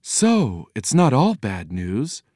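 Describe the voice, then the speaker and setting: A man's voice: mid-range voice, huge pitch swings, slow pace, darkish tone, no room sound, studio quality, exaggerated voice. A man doing a cheery storybook man. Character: cheery, easily worried man.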